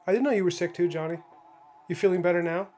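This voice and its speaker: A man's voice: high-pitched, steady tone, fast talker, a little mellow. A man in his thirties streaming live from his home studio as he paints, thinking aloud in a rambling way and answering viewers' chat. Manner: rambling, thinking aloud, many restarts and fillers. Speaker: livestreaming comic artist. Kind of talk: casual livestream chat while painting.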